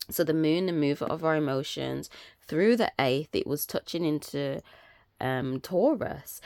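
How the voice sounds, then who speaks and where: A woman's voice: sits low, gravelly, no echo. A woman giving a casual weekly tarot and astrology update, chatty and rambling with many fillers.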